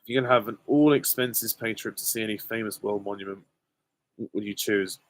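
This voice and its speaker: A man's voice: fairly low pitch, fairly even intonation, fairly quick, no room sound. Hesitant young British man, dry sound. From Britain. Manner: hesitant, many ums, candid and self-deprecating. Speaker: channel host answering viewer questions. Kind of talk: casual live Q and A.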